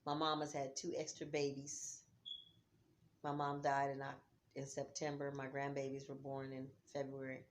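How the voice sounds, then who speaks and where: A middle-aged woman talking at home about grief, heartfelt, dropping to near-whispers and rising to loud urging. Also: extremely low pitch, completely flat delivery, moderate pace, a little hiss or hum. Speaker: vlogger. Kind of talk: emotional vlog talk. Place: home, on a couch.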